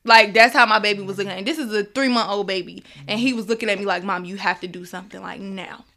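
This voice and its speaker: Bright-voiced woman telling her story. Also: mid-range voice, fast talker, hardly any pauses. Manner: animated, acts out others' words in quotes. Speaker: guest. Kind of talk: personal storytelling.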